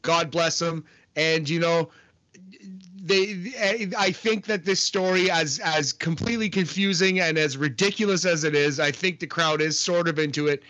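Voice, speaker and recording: A man's voice: fairly high pitch, normal speed, pushed and bright. A man co-hosting a podcast, giving a loose, laughing review of wrestling matches. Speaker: podcast co-host. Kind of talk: casual wrestling review chat.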